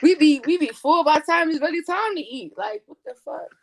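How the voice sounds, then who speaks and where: Speaking high and brisk, a woman on a podcast as a guest spins stories in a loose storytelling chat. She's animated, profane, and full of slang, often voicing other people's quotes.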